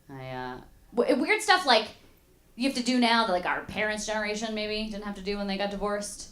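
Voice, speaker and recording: A woman's voice: mid-range voice, very animated, normal speed, fairly bright tone. A young woman doing a stand-up comedy set in a club, chatty and playful with the audience. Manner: chatty, playful crowd work. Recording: roomy club sound with audience laughter. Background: audience laughing.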